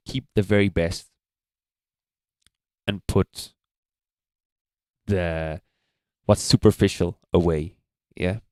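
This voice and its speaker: A man's voice: sits low, a little mellow, dry recording. A young man commenting as a judge on a livestream, giving thoughtful, explanatory advice. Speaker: beatbox battle judge.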